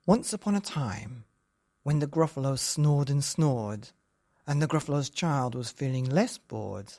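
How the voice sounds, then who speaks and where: A man's voice: mid-range voice, animated, measured pace, a little mellow, no room sound, clean studio sound. A man improvising a rhyming bedtime story in a sing-song manner.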